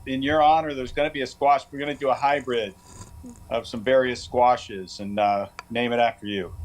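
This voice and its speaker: A man's voice: mid-range voice, steady tone, normal speed, low-quality recording. A man, the show's producer, gushing with earnest-sounding praise in comic banter. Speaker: show producer.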